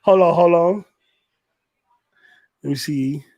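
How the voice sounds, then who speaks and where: A man with a slightly high, slightly mellow voice speaks slowly on a dry recording. He hosts a casual gaming livestream, chatting loosely and swearing plenty as he sets up clips.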